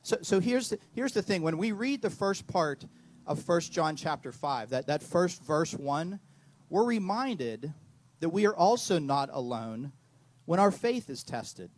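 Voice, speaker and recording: A man's voice: on the high side, big pitch swings, unhurried. A middle-aged man preaching a sermon, telling a story in an earnest way and often repeating words. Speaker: pastor.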